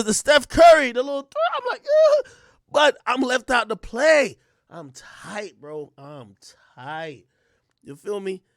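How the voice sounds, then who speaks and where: A young man on a livestream, spinning a raunchy story with a lot of energy. His voice sits high for a man and jumps all over the place, dropping to mutters and then spiking into yelps. The sound is close and dry, with no room around it. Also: no room sound. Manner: animated, profane, swings between mumbling and yelling. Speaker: streamer.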